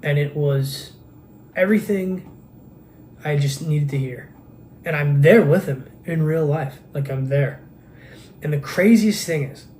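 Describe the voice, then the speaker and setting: Male podcast host, earnest rambling monologue, fairly high voice, camera mic with faint hum. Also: darkish tone. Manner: earnest, rambling, intense, many restarts. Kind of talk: casual monologue. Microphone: camera microphone.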